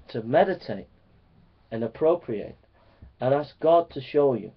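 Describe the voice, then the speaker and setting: A man preaching a sermon to fellow preachers, earnest and repetitive, swinging between loud emphasis and hushed lines. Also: medium pitch. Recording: dull lo-fi recording.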